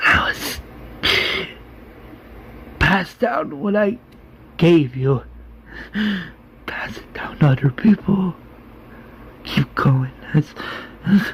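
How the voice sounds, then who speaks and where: A man's voice: high voice, lively intonation, takes it slowly, pauses often, a little hiss or hum, pitched above the performer's own voice, heavily acted, poor audio. A man voicing a dying male doctor who gives faint, urging last words. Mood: resigned.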